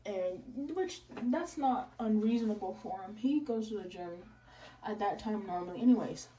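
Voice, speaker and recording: A young woman with a mid-range voice casually tells a story at a moderate pace, animatedly acting out other people's lines in changed voices. She addresses her listeners as "y'all." The mic sounds distant, with faint noise.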